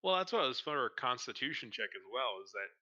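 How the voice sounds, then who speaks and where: A man narrating as dungeon master, relaxed and hesitant, with many fillers. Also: mid-range voice, quick pace. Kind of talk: narrating a tabletop game. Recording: dull lo-fi mic.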